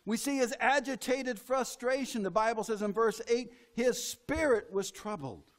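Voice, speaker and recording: A man's voice: very high voice, normal speed. A middle-aged man preaching a sermon in a church, folksy and acting out the voices he quotes. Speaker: pastor.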